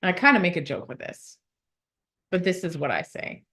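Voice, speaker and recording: A woman giving a motivational talk in a conference room, then leading a guided visualization in a calm, soothing way. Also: lowish voice. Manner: warm, slow and soothing when guiding the meditation. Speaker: motivational speaker. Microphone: phone.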